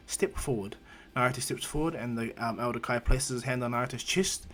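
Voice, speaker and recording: A man's voice: mid-range voice, steady tone, fast talker, fairly bright tone. A man casually improvising a fan story aloud, rambling and correcting himself as he goes.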